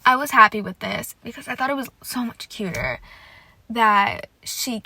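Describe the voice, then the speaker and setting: A young woman hosting a casual solo podcast, gushing excitedly with lots of "like" and swearing. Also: a little high, normal speed. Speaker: podcast host. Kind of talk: casual solo podcast chat about a TV show.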